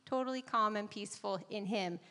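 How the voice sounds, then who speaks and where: A woman's voice: mid-range voice, fairly quick, sharp tone, clear, resonant tone, in a large hall. Woman in her 30s telling family stories at church, chatty, laughs a lot, um-heavy. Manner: chatty and conversational, laughs often, many fillers. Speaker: guest speaker at a church service. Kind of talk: personal stories in a church message. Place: church sanctuary.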